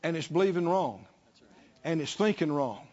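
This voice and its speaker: A man's voice: a little high, animated, normal speed, darkish tone. A man preaching a sermon, driving points home with repetition, rhetorical questions and calls for the congregation to answer. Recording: dull lo-fi sermon recording.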